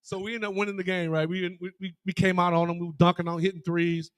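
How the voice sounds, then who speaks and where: A man's voice: sits high, fast, no echo. A man, a former college player and guest broadcaster, telling stories casually in a bar and acting out the voices of the people in them. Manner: animated, acts out quoted voices. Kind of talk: casual storytelling. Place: bar, live show.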